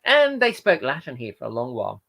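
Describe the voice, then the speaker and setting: A man's voice: medium pitch, huge pitch swings, brisk, creaky, pushed and bright. Rambling, tired man hosting a live chat. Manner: rambling, hesitant, with frequent fillers and self-corrections. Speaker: livestream host reading viewer comments. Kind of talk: casual chat.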